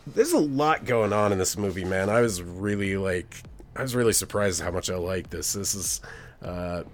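A man's voice: deep voice, lively intonation, normal speed, soft background music. A man co-hosting a film podcast, talking casually, stammering, repeating words and swearing. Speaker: podcast co-host. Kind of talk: casual film review chat.

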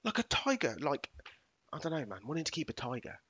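A man's voice: fairly high pitch, sing-song, a little fast, a bit bright, slightly rough. A man chatting casually, hesitant and full of fillers. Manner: hesitant, many fillers like "like" and "I don't know". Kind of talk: casual chat. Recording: dull lo-fi sound.

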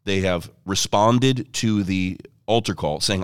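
A man's voice: low voice, takes it slowly, clear, resonant tone, no echo, clean studio sound. A man, an evangelist being interviewed, telling a story in an earnest, fluent way. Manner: earnest, fluent storyteller who quotes others. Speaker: evangelist guest. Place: ministry headquarters office.

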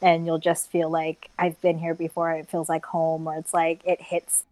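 Chatty American woman, low voice. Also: completely flat delivery, normal speed, a little mellow, dry recording, low-quality recording. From United States. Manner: chatty, laughing, many filler words. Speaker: guest, travel blogger. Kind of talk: casual chat.

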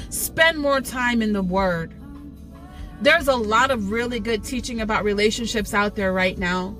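A woman's voice: on the high side, normal speed, fairly bright tone, soft background music. A woman giving a passionate, earnest devotional talk to camera, pleading and repeating words for emphasis. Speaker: Christian video teacher.

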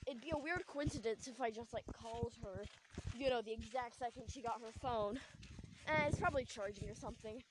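A woman's voice: a little high, brisk, background noise. A young woman hosting a podcast, telling a story in a rambling casual way full of likes and ums, recorded outdoors at night. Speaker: podcast host. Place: outdoors at night, sitting on a trampoline.

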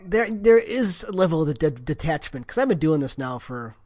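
A man in casual conversation who works in phone software support and talks expressively. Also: on the high side, moderate pace, no echo. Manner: expressive, lively, laughs easily. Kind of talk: casual chat.

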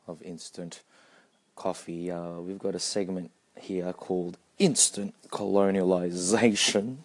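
Slow, low-voiced man rambling. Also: steady tone. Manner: rambling, chuckling, mixes in Tagalog phrases. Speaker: podcast host. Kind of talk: casual podcast monologue. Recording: music playing under the voice.

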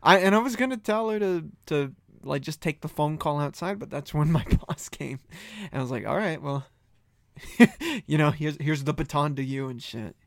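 A man co-hosting a podcast, telling stories in an animated way, laughing often and acting out what people said. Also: a little high, normal speed, gravelly, no room sound, studio quality. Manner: animated storytelling, laughs often, acts out quotes. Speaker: podcast co-host. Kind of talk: casual chat.

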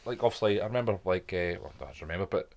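A man co-hosting a podcast, chatting in a sweary way and laughing easily. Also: low voice. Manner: sweary, animated, quick to laugh. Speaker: podcast co-host. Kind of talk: casual podcast banter.

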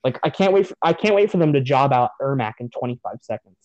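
A man's voice: medium pitch, lively intonation, fast, darkish tone, dry recording, dull audio. A man on a podcast giving a profane, sarcastic rant about a movie in casual chat. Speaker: podcast host.

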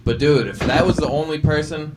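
A man's voice: a little high, a little fast, background noise. A man hosting a casual podcast, joking and teasing his guests in crude banter. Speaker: podcast host.

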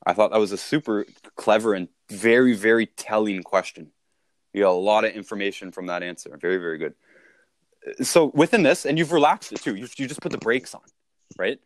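Sales coach, male, lowish voice, punchy emphatic delivery, dry close sound. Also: brisk, dry recording. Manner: emphatic, punchy, peppered with "right?". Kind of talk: casual podcast conversation.

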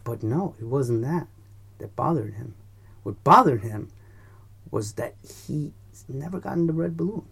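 A man's voice: medium pitch, lively intonation, measured pace, vocal fry, a bit bright, breathy edge. A man casually telling a long, rambling story in loose, swear-heavy chat.

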